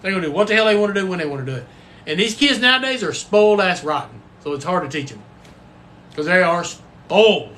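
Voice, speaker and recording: A man's voice: sits high, expressive, fast talker, sharp tone. A man hosting a casual livestream, folksy and rambling, with the odd cuss word. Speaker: livestream host and football coach.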